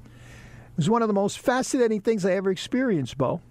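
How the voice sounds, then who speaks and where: A man telling lively stories about his broadcasting career in a casual interview, acting out the people he quotes. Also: high-pitched, brisk, no echo. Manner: animated storyteller, acts out quoted bosses. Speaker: broadcaster guest.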